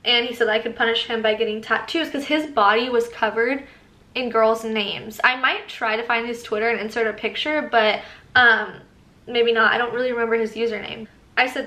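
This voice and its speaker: A woman's voice: fairly high pitch, steady tone, moderate pace, bright, forceful tone. Chatty young woman in an echoey room. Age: young adult. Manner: chatty, reads texts aloud with laughing asides. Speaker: vlogger. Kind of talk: casual storytime.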